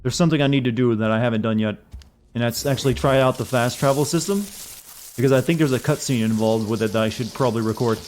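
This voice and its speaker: A man's voice: medium pitch, fast, darkish tone, slight background noise. A man streaming a video game, making joking, irreverent, rambling commentary as he plays. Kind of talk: casual gameplay commentary.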